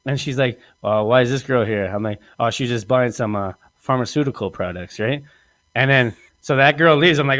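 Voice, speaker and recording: A man's voice: medium pitch, moderate pace, a bit bright, dry recording. A man hosting a podcast, telling a crude comic story in a rambling way and laughing often. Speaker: podcast host.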